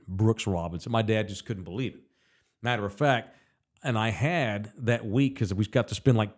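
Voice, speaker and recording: Profane, animated male host. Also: mid-range voice. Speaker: podcast host. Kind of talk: casual storytelling chat.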